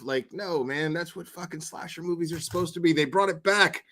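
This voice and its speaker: A man's voice: a little high, lively intonation, a little fast, few pauses, fairly bright tone. A man hosting a commentary channel, talking casually and profanely, rambling and answering his chat.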